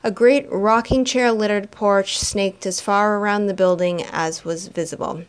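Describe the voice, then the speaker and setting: Woman narrator, mid-pitched, dramatic reading of a storybook. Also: fairly even intonation, a little slow, clear, resonant tone.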